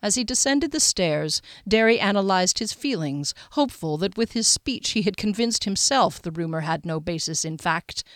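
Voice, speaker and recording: Measured woman narrating a fantasy audiobook. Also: lowish voice, no echo, clean studio sound. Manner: measured, even storytelling.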